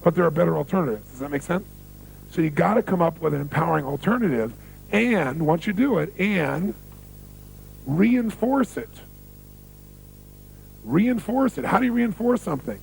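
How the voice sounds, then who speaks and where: On stage at a motivational seminar, a man tells stories, repeats key phrases for emphasis, and quizzes his audience. His slightly high voice is gravelly with a breathy edge, moving fast with lively intonation. The recording quality is low.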